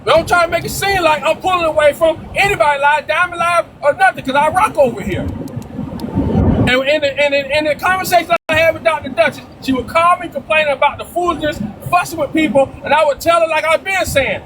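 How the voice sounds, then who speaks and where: A man with a very high-pitched voice argues on a live-stream panel, shouting and swearing, stumbling over repeated words. He keeps cutting across the others. The phone-app audio carries steady background noise. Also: a little fast, crowd noise. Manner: loud, profane and repetitive, talking over others. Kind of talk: heated live-stream argument.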